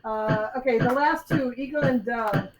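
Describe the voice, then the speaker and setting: A woman's voice: a little high, normal speed. A woman running a live tabletop game as game master, explaining rules with ums and acting out the fight. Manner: lively, explains rules with ums, acts out moves. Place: convention stage. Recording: live convention hall with loud crowd.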